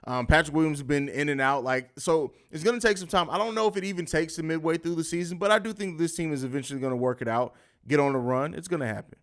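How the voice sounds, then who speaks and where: A man's voice: on the high side, fast, few pauses. A man hosting a live post-game sports podcast, reading chat comments and answering them in a combative, mocking, trash-talking way. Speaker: podcast host.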